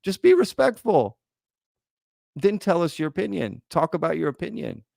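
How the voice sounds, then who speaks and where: A man's voice: a little high, big pitch swings, normal speed, vocal fry, a little mellow, no room sound, studio quality, voice pushed up, heavily acted. A man putting on a squealing sarcastic fusser. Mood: mocking. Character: fussing mock-fawning man, sarcastic.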